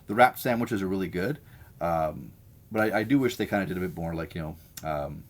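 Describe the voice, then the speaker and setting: Low-voiced chatty man. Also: expressive, brisk. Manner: chatty, opinionated and enthusiastic about food. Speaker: host of a live sandwich stream. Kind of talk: casual live-stream chat answering viewer comments.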